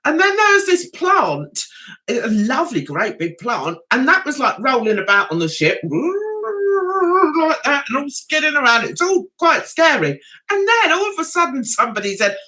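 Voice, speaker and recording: A woman chatting on a livestream, rambling and giggly as she talks straight to her viewers. Her voice is high and bright, and it bounces all over the place. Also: big pitch swings, normal speed. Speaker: vlogger hosting a livestream. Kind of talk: casual livestream chat.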